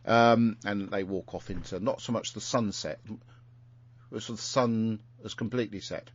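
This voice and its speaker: Low-ish male host, casual rambling recap, muffled lo-fi sound. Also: steady tone, moderate pace. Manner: rambling, many fillers and restarts. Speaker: podcast host. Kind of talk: casual chat recapping an episode. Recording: muffled lo-fi recording.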